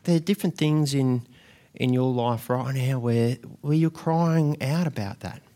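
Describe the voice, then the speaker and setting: A man's voice: mid-range voice, a little slow, mellow. A man preaching a sermon in an earnest way, often restarting and repeating words as he goes.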